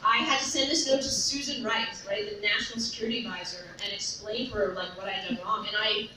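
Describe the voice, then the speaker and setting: A woman telling a story at a summit in an animated, laughing way, full of fillers. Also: medium pitch, quick pace. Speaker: panel speaker at a summit. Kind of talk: storytelling talk. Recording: echoey hall recording from far off.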